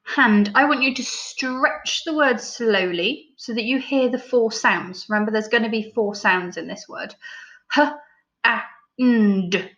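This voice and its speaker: A woman teacher with an English accent, leading a recorded phonics lesson for young children, sounding out each letter slowly and praising often. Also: a little high, a bit bright. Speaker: primary school teacher. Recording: slightly dull lo-fi recording.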